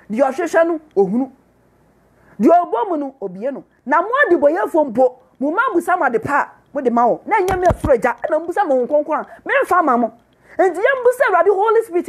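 A woman with a Ghanaian accent, preaching a sermon as a prophetess and repeating her points emphatically as she switches between Twi and English. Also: extremely high pitch.

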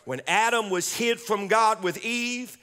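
A man's voice: sits high, unhurried, bright, forceful tone, long reverb tail. A man preaching a sermon as pastor, repeating phrases and calling on the congregation to recite verses aloud.

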